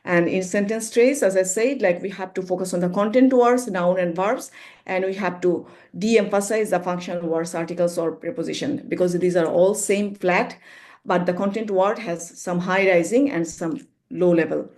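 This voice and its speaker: A woman's voice: on the low side, moderate pace, a little mellow. Woman giving an academic talk. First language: Bengali. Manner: explanatory, peppered with "like", demonstrating sounds aloud. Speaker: conference presenter. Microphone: video call.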